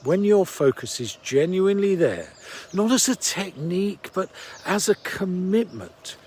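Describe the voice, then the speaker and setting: A man who coaches sales, giving a reflective storytelling talk in a measured way that trails off softly at the ends of phrases. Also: high voice, big pitch swings, a little hiss or hum.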